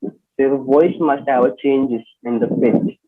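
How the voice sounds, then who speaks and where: A man's voice: medium pitch, steady tone, unhurried. Male instructor on a video call, explanatory, often asks "okay?". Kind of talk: online personality development class. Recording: tinny phone-like online call audio.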